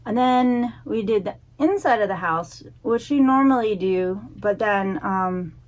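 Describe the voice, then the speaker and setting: A woman's voice: mid-range voice, unhurried. A woman in her thirties co-hosting a casual podcast, teasing her partner, laughing often and listing things as she recalls them. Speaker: podcast co-host. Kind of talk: casual chat.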